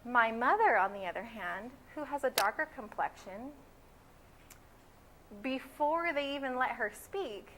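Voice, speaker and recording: A woman's voice: a little high, expressive, measured pace, a bit bright, slight background noise, rough recording. A woman in her twenties from California, a graduate student giving earnest, opinionated interview answers. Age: 20s. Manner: earnest and opinionated, building emphasis.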